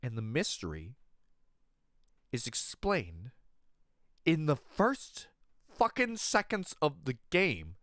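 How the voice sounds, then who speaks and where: Streamer, male, higher voice, fired-up profane rant, dry close sound. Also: slow pace, long pauses, no room sound. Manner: animated, profane, exasperated ranting. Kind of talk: ranting livestream commentary.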